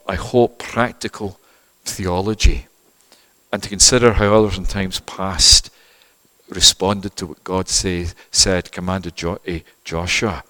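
A middle-aged male pastor giving a sermon, moving from quiet conversational asides to loud, fervent preaching. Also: medium pitch. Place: church. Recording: reverberant church hall.

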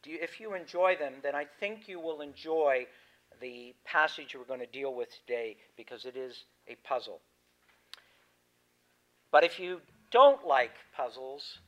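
A man's voice: a little high, animated, measured pace, fairly bright tone, rough recording. A man preaching a sermon, chatting easily with his congregation, then reading scripture aloud with rising emphasis. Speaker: pastor.

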